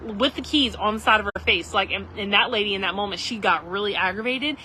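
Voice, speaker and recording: A woman's voice: medium pitch, fairly quick, bright, forceful tone, a little hiss or hum, poor audio. A woman, casually telling a rambling story to live viewers outdoors at a campground. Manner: rambling, chatty, frequent "like" and "literally". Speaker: livestream host.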